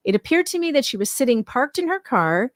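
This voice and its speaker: Woman calmly breaking down a document. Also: high-pitched, no echo, clean studio sound. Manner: measured, explanatory. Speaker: commentator. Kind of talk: reading and commenting on a document.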